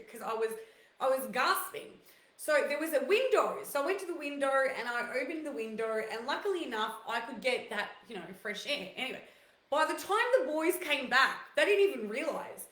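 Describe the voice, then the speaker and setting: A woman's voice: sits high, sing-song, moderate pace, a bit bright. A woman hosting a casual chat show, talking freely and telling stories with lots of fillers and asides. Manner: chatty, storytelling with fillers and quoted asides. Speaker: host. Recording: roomy echo.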